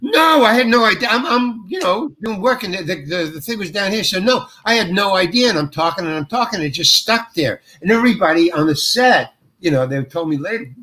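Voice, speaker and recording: A man's voice: a little fast, few pauses. A middle-aged man telling a story as an interview guest, acting out the quoted lines. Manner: animated, acts out quoted lines with jumps in pitch. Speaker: actor guest. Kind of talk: anecdotal storytelling.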